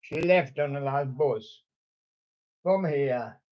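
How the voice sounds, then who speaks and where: A man hosting a home online radio show, chatting casually and showing soft toys in a rambling, jokey way full of puns. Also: medium pitch, expressive, takes it slowly, no room sound, muffled recording.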